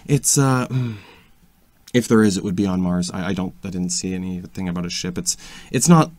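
A low-voiced man swears his way through in-character role-play banter, often breaking off and starting his sentences again. The recording is dry and close, with no room sound around him. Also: darkish tone, no echo. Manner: profane, swears constantly; halting, with frequent restarts.

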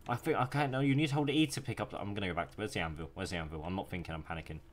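A man's voice: sits low, very fast, a little hiss or hum. A young man giving casual, profane gameplay commentary and taunting the enemies he hunts. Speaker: gaming YouTuber. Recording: music playing behind the voice.

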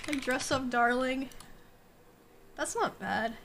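A woman's voice: sits high, slow, fairly bright tone, a little hiss or hum. A young woman streaming from home, chatting casually and thinking aloud, laughing often at her own ideas.

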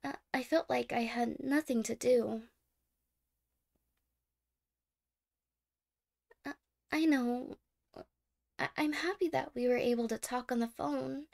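A woman voicing a clingy, anxious young girlfriend in a whispered role-play, soft-spoken, stammering and apologetic. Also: sits high, normal speed, creaky. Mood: tender, wistful. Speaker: ASMR role-play creator.

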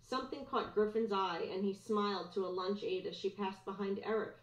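Teacher reading a chapter aloud. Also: female voice, mid-range voice, fairly even intonation, brisk. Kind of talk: read-aloud storybook narration. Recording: roomy, dull lo-fi recording.

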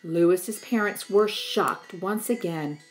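A woman reading a children's storybook aloud in an expressive, unhurried way. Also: medium pitch, slight background noise, rough recording. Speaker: storybook reader.

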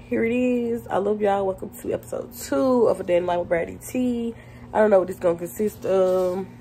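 Young girl vlogging at home, gushy and chatty, kinda noisy phone audio. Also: mid-range voice. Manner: chatty, addresses viewers as y'all, gushing. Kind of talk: casual vlog chat. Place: home bedroom, indoors.

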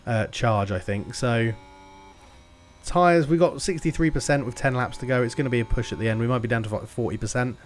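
Male gaming host, excitable play-by-play, swears and shouts at the screen. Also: medium pitch, a little fast, a little hiss or hum. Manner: excitable, swears and yells at the game. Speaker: gaming YouTuber. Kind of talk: game commentary.

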